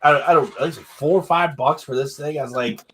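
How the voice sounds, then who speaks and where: A man's voice: fairly high pitch, brisk, fairly bright tone, breathy edge. A man hosting a casual interview, chiming in with short agreements and curious questions. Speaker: host.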